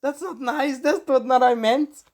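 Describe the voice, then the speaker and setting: A man doing a squeaky flustered teen wolf boy. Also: a little slow. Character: flustered teen male wolf, shy and awkward.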